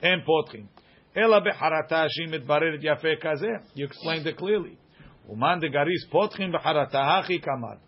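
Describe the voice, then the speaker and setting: A man teaching a Talmud class, reading passages aloud and quickly explaining them in English with everyday examples. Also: fairly high pitch, expressive, dull audio.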